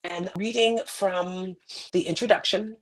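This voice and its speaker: A woman's voice: steady tone, measured pace. Middle-aged woman, motivational author, dramatic personal storyteller with sudden swells. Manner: dramatic, with sudden rises in pitch and volume. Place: indoors on a carpeted floor.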